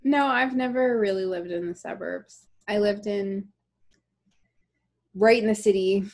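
A woman's voice: mid-range voice, a little slow, a little mellow. A woman in her thirties from Canada, co-hosting a casual chat over a call and telling stories with frequent laughs and casual swearing. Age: 30s. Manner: chatty storyteller, laughs often, swears casually. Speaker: podcast co-host. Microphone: remote call recording.

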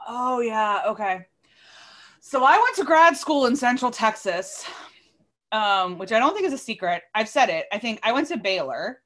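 A woman in her thirties, a bit tipsy, telling a long story on a podcast in an animated, sweary way, often cutting herself off mid-word. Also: fairly high pitch, normal speed. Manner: animated, swears freely, self-interrupting. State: tipsy from drinking. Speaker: podcast co-host. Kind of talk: casual storytelling chat.

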